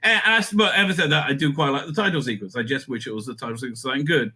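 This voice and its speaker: Bright-voiced opinionated male reviewer. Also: mid-range voice, very fast, husky. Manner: animated, many fillers and restarts; sarcastic asides with laughs. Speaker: show host and reviewer.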